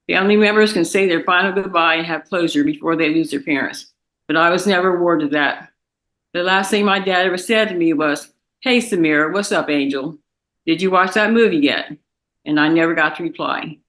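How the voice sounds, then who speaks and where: A young woman, a victim's daughter, reading a victim impact statement in a courtroom, halting and tearful. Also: fairly low pitch, a bit bright, reverberant, low-quality recording. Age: young adult.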